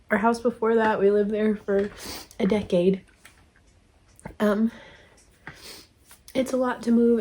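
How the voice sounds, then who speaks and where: The host of a crafting channel chats casually and emotionally while opening her mail, laughing a lot and gushing with thanks. Her voice is a little high and warm.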